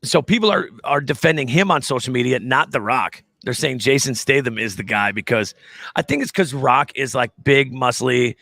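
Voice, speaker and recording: A man's voice: medium pitch, normal speed, gravelly, pushed and bright, dry recording. A man hosting a casual live show, joking around with his co-host and reading viewer comments. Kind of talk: casual live-stream chat.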